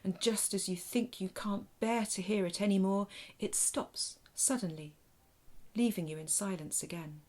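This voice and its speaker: Soft-spoken woman telling a children's story. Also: medium pitch, normal speed. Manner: soft, hushed, often half-whispered delivery. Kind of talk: guided imagination story narration.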